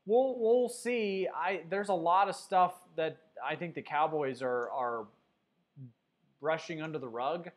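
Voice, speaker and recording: Guy hosting a sports livestream, slightly high voice, reads chat, lots of ums. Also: measured pace. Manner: chatty, teasing viewers, many fillers. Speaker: sports show host. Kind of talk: casual livestream sports talk, reading chat. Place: Denver.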